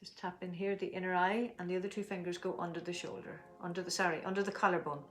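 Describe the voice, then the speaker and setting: A middle-aged woman leading a guided tapping session, giving slow, soothing instructions and stretching out repeated affirmations. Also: lowish voice, steady tone. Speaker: tapping and breathing teacher.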